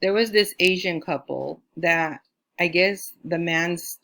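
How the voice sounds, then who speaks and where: Female astrologer from California, lowish voice; rambling casual storyteller who acts out quotes. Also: takes it slowly, vocal fry, a bit bright. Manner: chatty, with many fillers like "you know"; acts out quoted lines in a higher voice.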